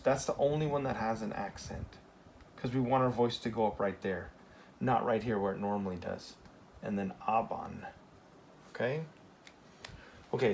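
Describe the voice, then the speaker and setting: A man with an ordinary mid-range voice walks a class through Spanish verb tenses in a loose, conversational way. He keeps checking in with "okay?" and corrects himself on the fly. A faint hiss sits under the classroom recording. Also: mid-range voice. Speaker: Spanish teacher. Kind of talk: casual classroom lesson at a whiteboard.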